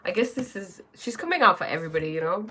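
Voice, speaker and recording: A woman's voice: medium pitch, big pitch swings, quick pace, sharp tone, a little hiss or hum. A woman hosting a live stream who chats casually, greets viewers by name and reads oracle cards aloud, often restarting her sentences.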